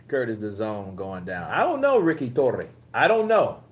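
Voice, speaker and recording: A man's voice: medium pitch, sing-song, measured pace. A man hosting a casual live-stream about boxing news, swearing, laughing and reading the chat. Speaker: host.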